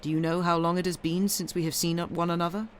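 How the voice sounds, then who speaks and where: A woman's voice: fairly low pitch, level tone, fast talker, slight background noise, lightly acted. A woman voicing an ardent, impatient young man in a read-aloud story, urgent and pleading.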